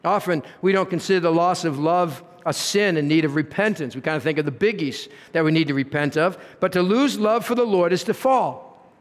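A man's voice: on the high side, fairly quick. A man preaching a sermon as pastor, earnest, with rhetorical questions and swings in emphasis. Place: church sanctuary. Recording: reverberant church hall.

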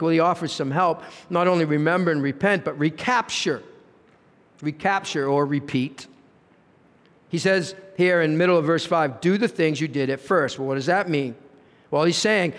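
A man's voice: high voice, fairly bright tone. A man preaching a sermon as pastor, earnest, with rhetorical questions and swings in emphasis. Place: church sanctuary. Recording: reverberant church hall.

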